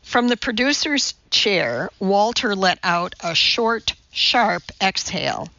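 A woman narrating a novel in a measured, even reading. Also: mid-range voice, dull audio. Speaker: audiobook narrator. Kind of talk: scripted narration.

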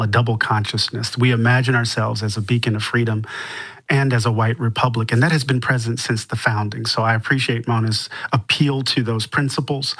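A man with a slightly husky voice talks through his ideas as a radio guest, measured and thoughtful. The recording is dry and close. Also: medium pitch, a bit bright, no room sound. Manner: measured, thoughtful, with small restarts. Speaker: author and interview guest. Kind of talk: reflective radio interview answers.

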